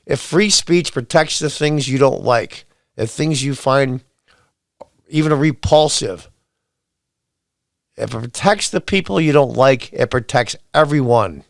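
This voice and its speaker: A man's voice: mid-range voice, lively intonation, unhurried, creaky, long pauses, no room sound, clean studio sound. A man hosting an opinion commentary show, sarcastic, blunt and exasperated, reading quotes aloud and firing back at them. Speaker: podcast host.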